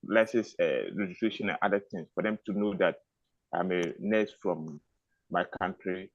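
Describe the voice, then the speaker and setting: A man, a nurse, calling in to a webinar and asking his question in a hesitant, halting way. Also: low voice, no room sound, muffled recording. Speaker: caller, nurse. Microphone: video call.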